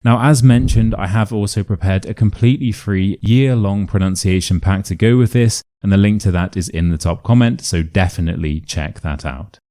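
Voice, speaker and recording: A man with a Modern RP British accent teaching a pronunciation lesson, speaking clearly and with careful enunciation in an upbeat coaching manner. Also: fairly low pitch, moderate pace, few pauses, dark tone.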